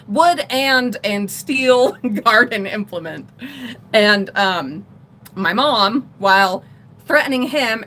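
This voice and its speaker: A middle-aged woman vlogger telling a personal story in a rambling, animated way on a casual livestream. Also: mid-range voice, a little hiss or hum. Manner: rambling, animated retelling with laughs.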